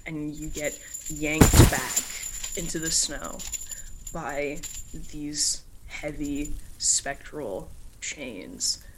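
Slow, low-voiced woman narrating a game. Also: slight background noise. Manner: casual, many filler "like"s. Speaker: game master.

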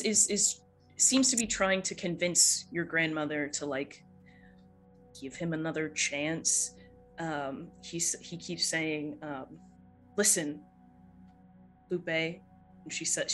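A game master narrating a tabletop role-playing scene in an unhurried, filler-laden way. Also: mid-range voice, sharp tone, faint music behind, low-quality recording.

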